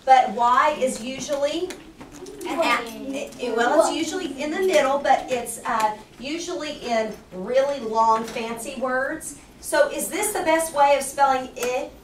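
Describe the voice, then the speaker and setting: A woman teaching a third grade spelling lesson, asking the class question after question and slowing down to explain each rule. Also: high-pitched. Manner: patient, questioning, slows down to explain. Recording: roomy, distant, noisy classroom recording.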